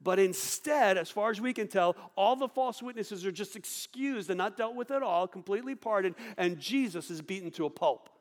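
A man preaching a sermon, swinging between loud outbursts and hushed, low delivery. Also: animated, normal speed, few pauses. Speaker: pastor. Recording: long hall reverb.

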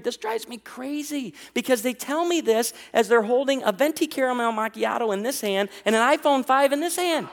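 A man in his thirties preaching a sermon, telling stories with jokes in an animated way. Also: very high voice, normal speed, in a large hall. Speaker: pastor.

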